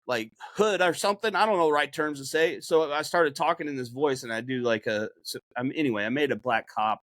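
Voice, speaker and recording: A man's voice: a little high, fairly quick, a bit bright, no room sound. A man hosting a podcast in casual, rambling chat, swearing freely. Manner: rambling, heavily profane. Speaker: podcast host and game streamer.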